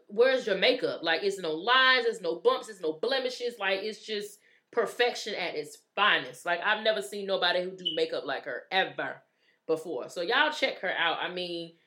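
A woman's voice: mid-range voice, sharp tone. Woman cohost chatting with the girls, says honey a lot, mid voice. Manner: chatty, addresses listeners as ladies and honey. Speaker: podcast co-host. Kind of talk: casual chat.

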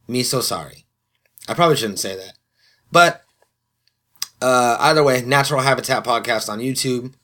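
A man's voice: mid-range voice, a bit bright. A man hosting a podcast, talking loosely with swearing and self-mocking asides into a podcast microphone. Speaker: podcast host. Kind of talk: casual solo podcast intro. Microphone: studio podcast microphone.

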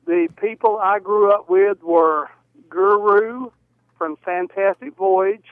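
Man in his fifties on a tinny phone line, high-pitched. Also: no echo. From Georgia, US. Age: 50s. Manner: polite, halting with pauses. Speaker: caller. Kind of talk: radio call-in. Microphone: telephone.

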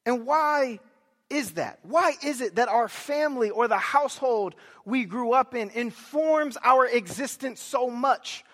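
High-voiced young preacher in a reverberant hall. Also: male voice, measured pace. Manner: animated storytelling, bursts of loud emphasis. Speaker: pastor. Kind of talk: sermon.

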